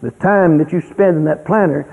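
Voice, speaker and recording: A man telling a lively story about raising kids, acting out scenes and shouting the quoted lines. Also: on the high side, normal speed, gravelly, breathy edge. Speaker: speaker on parenting. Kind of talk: folksy storytelling talk. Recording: phone-like lo-fi radio broadcast.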